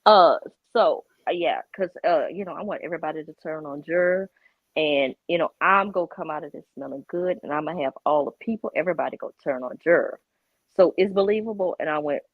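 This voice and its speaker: A woman telling a story in animated chat, acting out quotes and repeating emphatic denials. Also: deep voice, fast, no echo. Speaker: guest on a drama commentary stream. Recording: tinny phone-like call audio.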